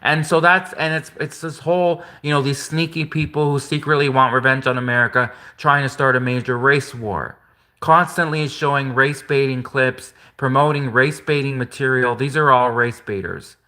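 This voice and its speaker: A man's voice: mid-range voice, steady tone, normal speed, sharp tone. A man talking straight to camera in a rambling, indignant vlog rant, circling back and repeating himself. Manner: indignant, repetitive, rambling with restarts. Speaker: vlogger. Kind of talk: casual ranting monologue.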